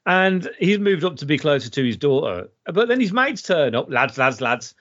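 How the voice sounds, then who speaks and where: A man's voice: a little high, big pitch swings, normal speed, fairly bright tone. A man chatting casually about a film as a podcast host, retelling scenes with lots of restarts. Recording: dull lo-fi sound.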